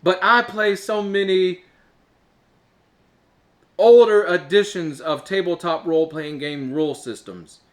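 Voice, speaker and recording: A chatty show host from Alabama in the US, a man with a high voice and a stuffed-up, congested nose, talks solo to camera. He rambles a little slowly with long pauses, filler uhs and laughs.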